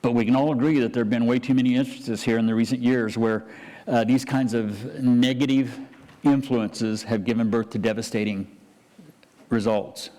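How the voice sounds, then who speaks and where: Man, pastor, mid pitch, chatty sermon, restarts, echoing church hall. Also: steady tone, moderate pace, warm tone. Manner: conversational preaching with frequent restarts.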